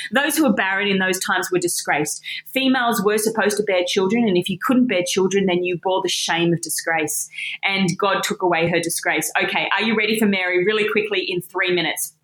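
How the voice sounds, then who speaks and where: A woman giving an expressive, emphatic Bible teaching talk in a conversational way. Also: fairly high pitch, a little fast, reverberant, rough recording.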